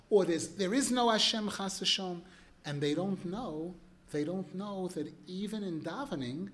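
A man acting as a religious teacher gives an animated sermon built around stories, speaking emphatically and clearing his throat from time to time. His voice is high.

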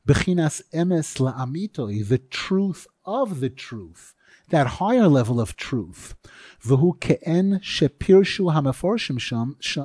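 A man's voice: fairly high pitch, warm tone, dry recording. A man teaching a Torah class in an earnest, emphatic way, stressing key phrases by repeating them.

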